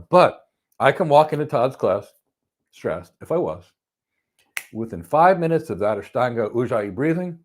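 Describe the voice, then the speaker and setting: A man giving a motivational talk on stress, telling stories with emphatic bursts that drop to soft, calm lines. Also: mid-range voice. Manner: animated storyteller, swings from loud emphasis to soft calm. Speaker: host. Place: lives in Florida.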